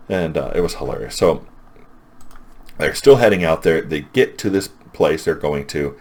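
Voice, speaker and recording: Very deep-voiced man rambling about comics. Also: expressive, moderate pace, darkish tone. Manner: rambling, enthusiastic plot recap. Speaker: comic book reviewer. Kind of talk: casual retelling.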